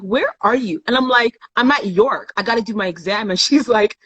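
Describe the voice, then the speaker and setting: A woman's voice: medium pitch, lively intonation, a little fast, hardly any pauses, fairly bright tone, breathy edge, muffled recording. Woman guest, candid storytelling, acts out voices, live chat.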